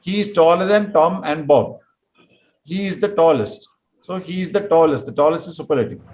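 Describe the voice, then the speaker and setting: Male English teacher, somewhat high voice, patient, slow and repetitive drilling. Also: a little mellow, rough recording. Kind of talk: classroom grammar lesson.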